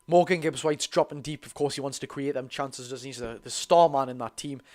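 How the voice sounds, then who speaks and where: A teenage man with a Geordie accent giving a live fan commentary on a football match, talking to his chat, his voice going hoarse. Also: mid-range voice, a little fast. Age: teens. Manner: excitable, chatty, calls the play and talks to chat. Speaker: fan watch-along host.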